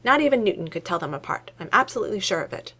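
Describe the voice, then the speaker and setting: A fussy, nervous male scientist with a cane, as a woman reads him out in a storybook. He grumbles and huffs, and his voice climbs high and shrill when he gets flustered. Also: expressive, racing, bright, forceful tone.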